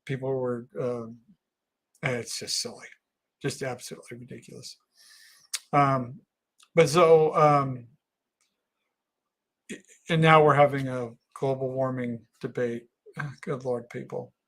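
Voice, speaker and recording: A man hosting a casual livestream, reading viewer comments aloud and talking in an earnest, halting way with frequent restarts. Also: mid-range voice, fairly even intonation, a bit bright. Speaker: livestream host.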